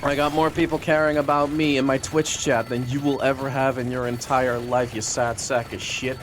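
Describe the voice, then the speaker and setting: A man's voice: mid-range voice, level tone, moderate pace, slight background noise. A young man streaming live, chatting to his viewers and taunting a troll with profane mockery.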